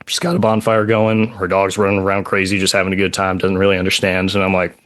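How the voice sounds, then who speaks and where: A man with a fairly low voice recounts a personal story in casual podcast talk. He speaks haltingly, breaking his sentences with pauses and "like" asides. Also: little pitch movement, a bit bright.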